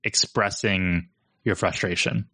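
Bright-voiced man telling stories. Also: low voice, slow pace, slightly rough, no echo. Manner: animated storyteller, acts out quotes, laughs often. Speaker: agency co-owner and podcast host. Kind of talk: casual podcast chat.

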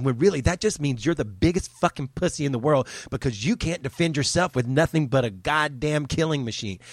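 A man rants through a news story, heated and swearing freely. His voice sits at a middle pitch, and the sound is dry, with no room echo. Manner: heated and profane, swearing often. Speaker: commentator. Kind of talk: profane ranting news commentary.

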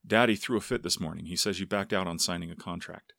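A man's voice: sits low, gravelly, a bit bright, no echo, studio quality. A man voicing a weary, resolved young woman in a storybook. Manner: weary, measured.

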